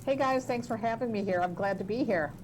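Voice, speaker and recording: A woman's voice: a little high, fairly quick, background noise. Conversational woman guest telling stories. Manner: warm conversational storytelling with "you know" fillers. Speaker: guest author and tarot reader. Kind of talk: podcast interview answer.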